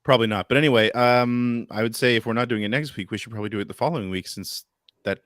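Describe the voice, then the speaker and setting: A man's voice: medium pitch, fast talker, fairly bright tone, no room sound. A man co-hosting a podcast in casual chat, making dry joking asides. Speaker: podcast co-host.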